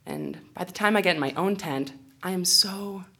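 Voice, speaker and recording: At normal speed, in a lowish voice that is creaky and sharp in tone, a young woman shares a funny self-mocking story on stage. She's an outdoor educator, laughing often, using a handheld or stage microphone.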